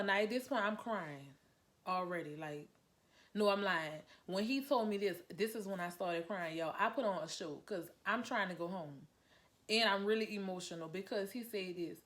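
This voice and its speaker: Animated woman telling a story. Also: medium pitch. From Louisiana. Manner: animated, addresses viewers as "y'all", acts out her own lines. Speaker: vlogger telling a personal story. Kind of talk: casual storytime to camera.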